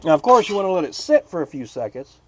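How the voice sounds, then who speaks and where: A man hosting a casual car-restoration vlog outdoors. He talks in a chatty, folksy way and swings between a high, excited voice and a flat one. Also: fast, a little hiss or hum. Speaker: channel host.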